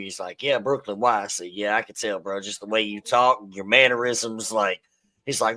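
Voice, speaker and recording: A man's voice: fairly low pitch, fairly quick, pushed and bright, poor audio. A man hosting a podcast, chatting in a laid-back, joking way full of slang. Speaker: podcast host. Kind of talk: casual podcast interview.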